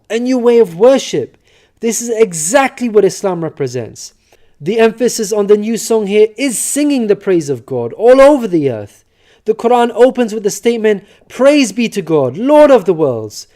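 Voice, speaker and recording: High, mellow male narrator. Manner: measured, earnest explanatory reading. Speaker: religious narrator. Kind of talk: scripted narration.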